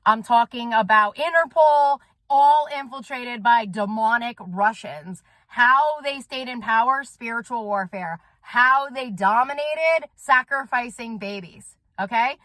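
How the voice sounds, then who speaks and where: Talking directly to her audience, the soul coach and vlogger delivers a casual, intense, rambling monologue peppered with curses. She pitches a little high and speaks a little slowly, barely pausing, in a fairly bright tone with no room sound.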